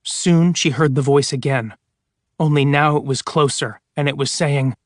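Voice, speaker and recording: A man's voice: fairly high pitch, moderate pace, dry recording, studio quality. A man narrating an audiobook of scary stories with dramatic storytelling. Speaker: audiobook reader.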